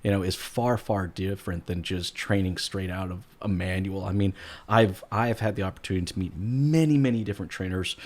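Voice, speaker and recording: A man's voice: low voice, fairly quick. A man hosting a podcast interview, upbeat and jokey, chatting casually with his guests. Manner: upbeat, jokey, loud greetings. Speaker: podcast host.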